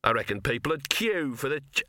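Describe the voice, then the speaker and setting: A man voicing a scruffy, wheezing old male talking dog, gruff and sardonic. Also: mid-range voice, sing-song, a little fast, bright, forceful tone, no echo, clean studio sound.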